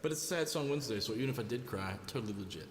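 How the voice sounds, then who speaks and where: A man with a medium-pitched, animated, very fast voice hosts a live music stream, joking casually with viewers between songs and greeting them by name. Guitar music plays in the background, and the sound is roomy with long reverb.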